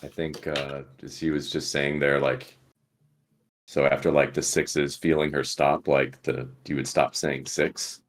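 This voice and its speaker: Very deep-voiced man, hesitant game player. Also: little pitch movement, measured pace, a little hiss or hum. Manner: hesitant, full of fillers. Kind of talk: casual tabletop role-play.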